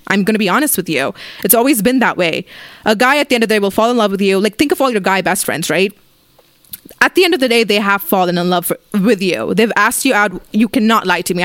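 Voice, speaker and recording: A woman's voice: medium pitch, fairly bright tone, dry recording, clean studio sound. A young woman vlogger telling a story-time rant in a blunt, rambling, profane way, full of fillers.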